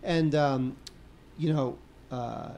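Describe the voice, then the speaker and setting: A man co-hosting a podcast, chatting casually and haltingly about TV shows, with plenty of fillers. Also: medium pitch, creaky, darkish tone. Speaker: podcast co-host. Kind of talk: casual chat reviewing home video releases.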